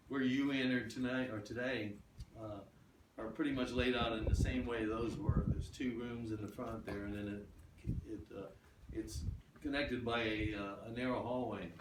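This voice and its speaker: A man's voice: medium pitch, steady tone, moderate pace. Older male tour guide, chatty storyteller, heard from afar, noisy room. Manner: chatty, acts out quoted voices. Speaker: ghost town guide. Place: old wooden building, indoors. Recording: roomy, distant, noisy camera audio.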